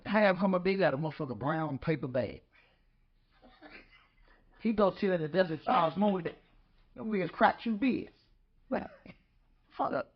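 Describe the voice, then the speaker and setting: A man telling animated anecdotes in casual talk. He acts out the quoted lines and laughs as he goes. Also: high-pitched, normal speed, pauses often. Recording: slightly dull lo-fi podcast audio.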